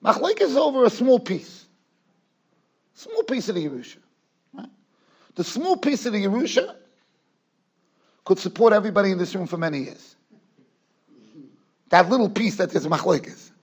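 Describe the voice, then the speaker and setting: Male rabbi, lecture style, animated delivery with repeated phrases; high, slightly husky voice. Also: moderate pace, long pauses. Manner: animated, repeats words for emphasis. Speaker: rabbi giving a Torah class. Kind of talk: Torah lecture with storytelling. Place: yeshiva study hall.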